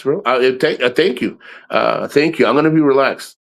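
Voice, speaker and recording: A man's voice: mid-range voice, moderate pace, vocal fry, a bit bright. A middle-aged man hosting a livestream, talking in a rambling, blunt and profane way. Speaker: livestream host. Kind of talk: casual livestream talk.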